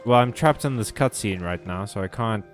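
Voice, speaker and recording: A man's voice: on the low side, normal speed, soft background music. Let's play host, man, casual jokey gameplay commentary, sarcastic asides.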